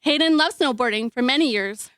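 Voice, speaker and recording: A woman delivers an emotional memorial speech for her brother and stops now and then to steady herself. Her voice is high and the sound is dry. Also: dry recording. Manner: emotional, halting, apologetic. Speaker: eulogy speaker, sister. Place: memorial hall.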